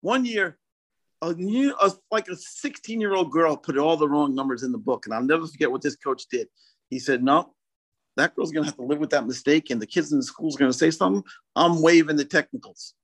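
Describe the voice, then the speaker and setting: A man's voice: a little high, fairly quick. A man, a basketball coach, telling a story in casual chat, laughing often and acting out what others said.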